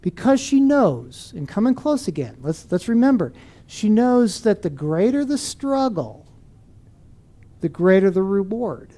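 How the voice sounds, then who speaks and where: Mellow-voiced man telling a teaching story. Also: sits high, a little slow. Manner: animated storyteller who asks the audience questions. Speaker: speaker on teaching and parenting. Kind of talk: storytelling talk to an audience.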